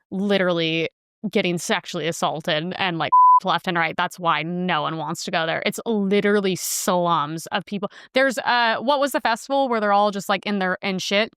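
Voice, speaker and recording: A woman's voice: on the low side, fairly bright tone, clean tone, dry recording, clean studio sound. A young woman hosting a podcast in a casual, blunt monologue, full of filler words and crude asides. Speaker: podcast host.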